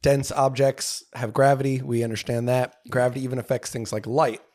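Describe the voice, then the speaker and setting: A young male podcast co-host talks through an explanation in casual chat, pausing and restarting as he hunts for the right words. His voice has an everyday middle pitch. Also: level tone, darkish tone. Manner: explains haltingly, many fillers and restarts.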